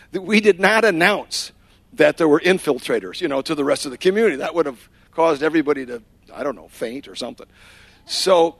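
A man's voice: high-pitched, a bit bright, dry recording. A man giving a sermon, telling a personal story and acting out the quotes, with Spanish phrases dropped in. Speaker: preacher.

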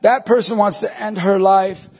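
A man in his thirties giving an emphatic evangelization talk to an audience, telling stories and breaking into shouts. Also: sits high, fairly even intonation, moderate pace, slightly rough. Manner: emphatic, storytelling, bursts into shouts. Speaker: Catholic evangelist speaker. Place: large hall before an audience. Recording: long reverb of a hall.

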